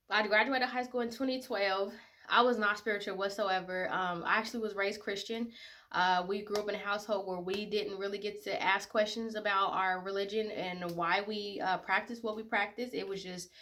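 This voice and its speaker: Young woman in her 20s vlogging, bright voice, emotional, lots of likes and ums. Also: medium pitch. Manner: emotional, tearful at times, many fillers. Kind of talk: casual personal talk to camera.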